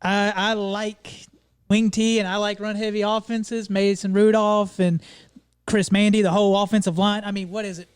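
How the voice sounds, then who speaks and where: High-voiced playful podcast host. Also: male voice, little pitch movement, normal speed, clear, resonant tone, no room sound. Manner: playful, leads the segments. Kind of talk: casual sports banter.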